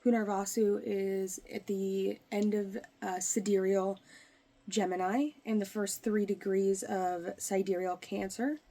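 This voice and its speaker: A woman's voice: mid-range voice, steady tone, measured pace, warm tone. A woman with a mid-range voice gives a casual tarot reading to camera. She explains in a loose, rambling way, often stopping and restarting her sentences. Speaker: tarot reader.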